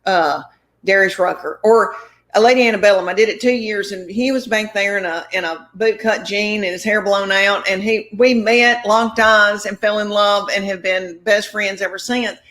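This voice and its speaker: Middle-aged woman comedian, chatty storyteller, rambling and warm-hearted in tone; medium pitch. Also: steady tone, normal speed. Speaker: comedian guest. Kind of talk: casual storytelling.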